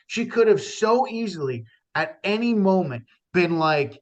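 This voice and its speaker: A man's voice: high voice, lively intonation, measured pace, few pauses. Earnest, rambling man. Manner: earnest, rambling with many restarts and fillers. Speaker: stand-up comedian guest. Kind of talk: casual podcast conversation.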